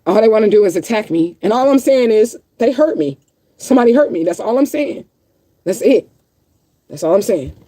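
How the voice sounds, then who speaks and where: An upset woman ranting on a livestream, close to tears and blunt, swearing freely and hammering the same phrases again and again. Her voice is mellow and warm in tone. The sound is dry and close, picked up by a phone or webcam mic. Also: medium pitch, lively intonation, moderate pace, no room sound. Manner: blunt, profane, repeats herself insistently. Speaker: livestreaming vlogger. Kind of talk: emotional livestream rant to viewers.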